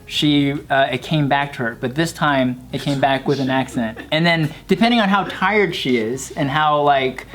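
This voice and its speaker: A man's voice: a little high, normal speed, hardly any pauses, fairly bright tone. A man hosting a casual commentary show, explaining a story loosely with plenty of filler words. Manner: explains stories with fillers and restarts. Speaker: host.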